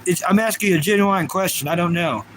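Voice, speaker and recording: A high-pitched, fairly bright voice belongs to a man in his thirties who talks fast on his livestream. He chats and reads viewer comments in a rambling manner with lots of restarts, and there is slight background noise.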